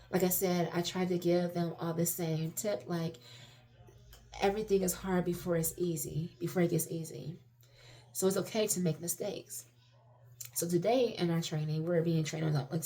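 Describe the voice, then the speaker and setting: A woman's voice: lowish voice, flat delivery, moderate pace, warm tone. A woman talking candidly in a casual personal monologue, rambling and self-reflective, swearing freely. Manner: self-reflective, many restarts and fillers. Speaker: vlogger sharing personal reflections.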